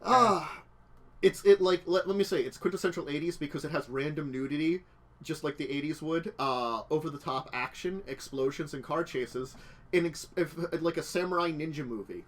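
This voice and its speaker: A man's voice: on the high side, moderate pace. A man hosting a casual talk show about tabletop games, rambling through digressions. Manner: rambling, digressive, laughs at own jokes. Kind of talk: casual chat. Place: indoors near a street.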